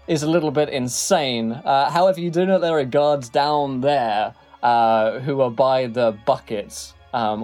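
A man's voice: mid-range voice, a little mellow. A man narrating a tabletop game as game master, rambling with many fillers.

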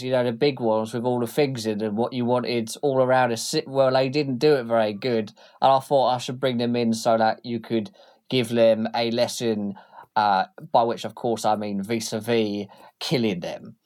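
A man's voice: mid-range voice, steady tone, normal speed, darkish tone, close to an everyday voice. A man doing Stony Tim, a crude unhinged gang boss. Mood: mock-polite. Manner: swearing, rambling, mock-polite.

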